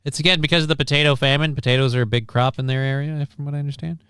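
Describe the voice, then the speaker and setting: A man hosting a casual live stream, reading out a news story and viewer comments with wry, deadpan asides. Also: a little high, rapid-fire, clean tone, dry recording, clean studio sound. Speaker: stream host.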